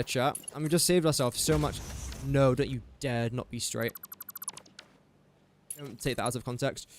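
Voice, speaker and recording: A man's voice: mid-range voice, normal speed, long pauses, slight background noise. A young English man streaming a building game, thinking aloud through factory maths and tossing jokey asides to his chat. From England. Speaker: gaming streamer. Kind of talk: casual live-stream commentary.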